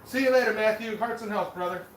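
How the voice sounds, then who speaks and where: A man forging metal as he chats casually with a livestream audience and greets viewers by name in a relaxed, talkative way. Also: sits high, fast, distant mic. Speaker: blacksmith streamer. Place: metal forge workshop. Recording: echoey workshop from off-mic with loud forge noise.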